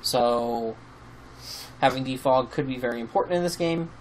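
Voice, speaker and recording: A man casually talking through a game team he has built, rambling with many pauses and fillers, and sounding sleepy. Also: medium pitch, a little hiss or hum, low-quality recording. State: sleepy, yawning. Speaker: YouTube team-building host. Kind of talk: casual commentary over gameplay.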